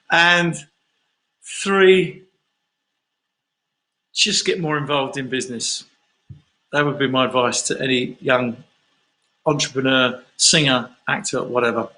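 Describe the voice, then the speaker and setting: A man's voice: mid-range voice, slow, long pauses, sharp tone, poor audio. Chatty man answering fan questions. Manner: chatty, rambling storyteller. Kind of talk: casual livestream Q&A.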